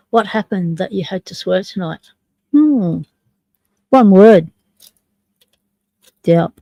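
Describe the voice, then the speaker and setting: A woman's voice: medium pitch, vocal fry, mellow, no room sound, poor audio. A woman from South Australia with an Australian accent, hosting a live stream and chatting casually with viewers while she picks locks. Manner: chatty, jokey, talks to chat while picking locks.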